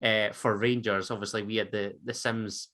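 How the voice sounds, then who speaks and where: A man's voice: fairly low pitch, level tone, moderate pace, sharp tone. A Scottish man co-hosting a podcast, recapping a football match and chatting drily about it. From Scotland. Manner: narrates match events, chatty and dry. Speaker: podcast co-host.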